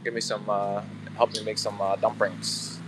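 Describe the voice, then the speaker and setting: Low-voiced man chatting on a live stream. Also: flat delivery, moderate pace, noisy background. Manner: rambling, filler-heavy, chatting with viewers. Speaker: livestream host. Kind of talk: casual live-stream chat. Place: outdoors, about to head into work.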